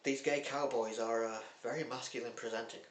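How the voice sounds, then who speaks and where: A man's voice: medium pitch, fairly even intonation, a little fast. A man talking casually and bluntly about films he watched, with a cheeky, chatty manner. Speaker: film vlogger. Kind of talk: casual film review chat. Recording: echoey room with faint hum.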